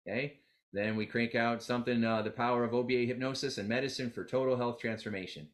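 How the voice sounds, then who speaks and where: A man's voice: medium pitch, fast. A man presenting a live motivational seminar on getting clients, telling stories with acted-out quotes and calling on the audience to repeat after him. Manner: energetic, animated storytelling with quoted dialogue.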